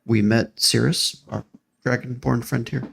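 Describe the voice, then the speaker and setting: A man playing a courteous towering adventurer, gravelly. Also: mid-range voice, little pitch movement, measured pace, slight background noise. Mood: polite. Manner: apologetic, formal. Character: very tall polite male adventurer.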